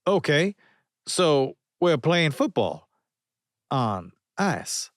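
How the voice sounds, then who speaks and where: A man voicing a high, excitable ex-football star. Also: no room sound, clean studio sound, heavily acted. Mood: incredulous. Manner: incredulous, quick exclamations.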